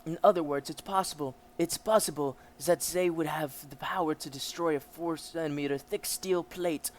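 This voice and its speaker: A man's voice: fairly high pitch, moderate pace, a little hiss or hum, voice pushed up, natural voice. A man putting on a formal German-accented scientist. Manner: formal, explanatory.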